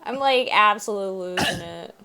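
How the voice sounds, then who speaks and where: A woman's voice: medium pitch, brisk, creaky, sharp tone. A woman hosting a casual gaming stream, goofy and prone to singing made-up ditties while she plays. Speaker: streamer host.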